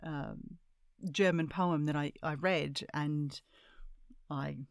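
A woman hosting a casual interview, chatty and quick to laugh, with many restarts. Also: low-pitched, fairly even intonation, gravelly, no room sound, clean studio sound. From Australia. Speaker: podcast host.

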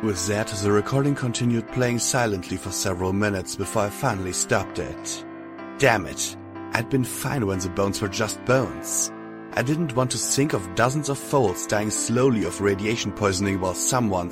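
A man narrating an audiobook in a steady first-person reading. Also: lowish voice, normal speed, music in the background.

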